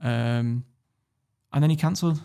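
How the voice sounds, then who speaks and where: A man from Warrington with a northern English accent, telling stories as a podcast guest in a casual, animated way, swearing freely. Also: mid-range voice, a little slow, creaky, clean tone. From Warrington, England. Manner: animated storyteller, swears freely, laughs often. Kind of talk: casual interview storytelling.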